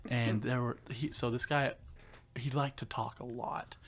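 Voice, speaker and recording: A man's voice: mid-range voice, fairly even intonation, measured pace, slightly rough. A young man in his twenties, co-hosting a casual podcast, telling a story animatedly and laughing often. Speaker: podcast co-host.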